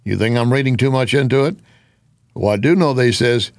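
A man's voice: medium pitch, fairly quick, dry recording, clean studio sound. A man giving an opinionated political commentary monologue, with sarcastic asides.

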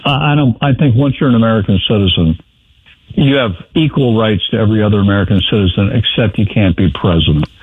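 A man's voice: lowish voice, fast talker, breathy edge. A man giving blunt, wry political commentary on a talk radio show. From New York. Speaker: guest commentator. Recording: tinny phone line.

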